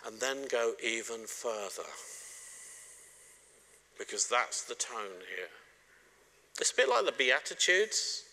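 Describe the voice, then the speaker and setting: A man's voice: medium pitch, sing-song, slow, long pauses, a little hiss or hum. A middle-aged man gives a sermon on marriage, speaking straight to the congregation and joking now and then. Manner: warm, joking, direct address to the congregation. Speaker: preacher.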